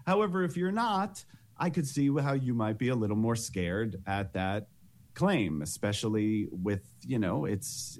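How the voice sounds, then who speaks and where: A man speaks casually as a panelist in a discussion. His voice sits fairly low, and he fills his talk with "like" and "you know" and often restarts his sentences. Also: darkish tone. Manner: casual, many likes and you knows, restarts.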